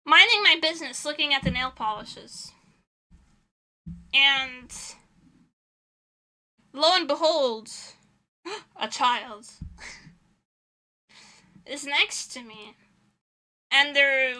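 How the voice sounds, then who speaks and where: A woman's voice: high voice, bright, forceful tone. A young woman streamer chatting casually while doing her nails, telling stories with dramatic retellings and lots of laughter. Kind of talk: casual chat while doing nail art.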